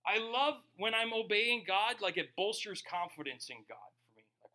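Male pastor, sermon delivery, high bright voice, slow scripture reading and casual asides. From Germany. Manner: reads scripture slowly, then talks casually with asides.

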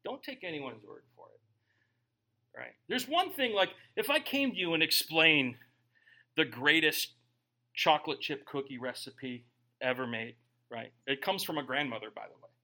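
A middle-aged man preaching a humorous sermon, joking with the congregation and swinging between quiet asides and loud bursts. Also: fairly high pitch, unhurried. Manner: animated, joking, bursts of shouting.

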